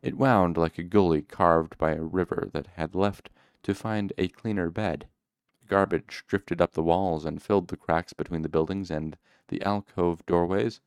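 Low gravelly guy reading a fantasy novel aloud, dry close sound, steady pace. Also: moderate pace, no room sound. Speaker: audiobook reader. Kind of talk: first-person novel narration.

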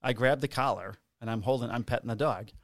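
Man, mid-pitched, dry close mic. He tells a rowdy, profane cop story. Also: quick pace, no room sound. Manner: profane, animated, acts out quotes. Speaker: police officer guest. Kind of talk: casual storytelling.

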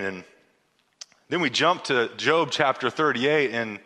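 A pastor preaching a sermon in a lively, casual way, acting out biblical dialogue and often stumbling into restarts. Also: male voice, on the high side, normal speed, long reverb tail. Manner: animated, acts out biblical dialogue with casual asides; frequent stammered restarts.

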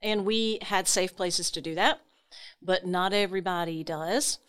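A woman's voice: lowish voice, unhurried, clear, resonant tone. A woman in her forties from South Louisiana, a guest talking easily and informatively about trees and the outdoors. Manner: informative, easygoing. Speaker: guest, tree organization director. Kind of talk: casual interview talk.

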